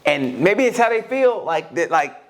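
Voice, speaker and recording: A middle-aged man in a casual podcast chat, storytelling with a voice that jumps high and drops low again. His pitch sits a little above the usual for a man. He often plays out the people he talks about as he goes. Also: normal speed. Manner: animated storytelling, swings between high and low, acts out quotes. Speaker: podcast co-host.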